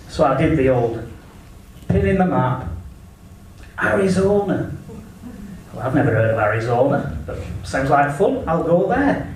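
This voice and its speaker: A man's voice: a little high, big pitch swings, unhurried, slight background noise. A man with an English accent doing a cheeky, crude stand-up comedy set at a live venue. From England. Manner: brash, cheeky storytelling with crude punchlines. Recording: very echoey room, mic at a distance.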